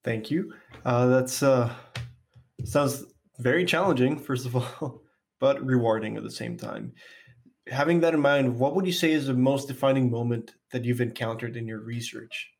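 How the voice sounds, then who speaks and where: Man, interviewer, gravelly voice with fry, halting delivery. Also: medium pitch. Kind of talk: interview questions.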